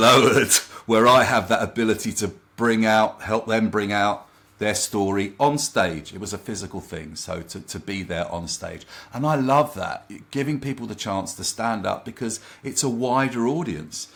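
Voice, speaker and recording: Low-voiced man telling a lively story. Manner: lively anecdotal, acts out quoted remarks. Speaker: confidence coach and trainer. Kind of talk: casual interview storytelling.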